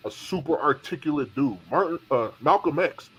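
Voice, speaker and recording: A man with a husky, slightly rough voice, talking in a casual panel chat. He lays out his points firmly, repeating and correcting himself as he drives his argument home. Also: a little high, lively intonation, moderate pace, low-quality recording. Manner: assertive, explaining and correcting points. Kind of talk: casual discussion.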